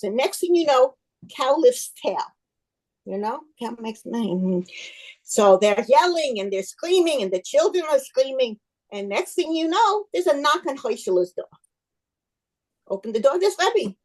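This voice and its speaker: A woman giving a club speech as an expressive folk tale, told with animation. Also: high-pitched, a little slow, long pauses, poor audio. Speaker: club speaker.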